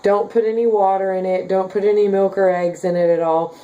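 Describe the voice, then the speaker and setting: Brief: young woman vlogger, Midwestern base with a light Southern lilt, mellow tone, chatty and filler-heavy. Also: medium pitch, steady tone, a little fast, muffled recording. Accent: slight Southern with Midwestern base. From Kansas. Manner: chatty, many "like" and "um" fillers, giggly. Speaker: vlogger reading viewer comments. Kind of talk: casual chat.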